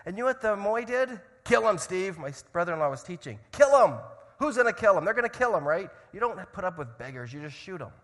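High-voiced man preaching in a reverberant hall. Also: sing-song, quick pace, few pauses. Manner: dramatic, swings from loud shouts to hushed tones. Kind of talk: sermon with animated storytelling.

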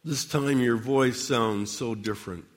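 A man preaching a dramatic sermon monologue addressed to God, with measured, theatrical delivery and long pauses. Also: medium pitch, in a large hall.

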